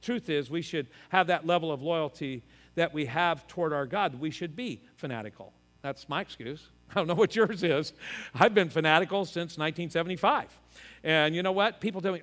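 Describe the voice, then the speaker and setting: An older male pastor delivers a sermon with a notably high-pitched voice, pressing his points hard and then easing into self-mocking jokes. His words ring out with a long reverb, as if spoken in a big church hall. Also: fairly quick, a bit bright. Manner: emphatic preaching with joking personal asides.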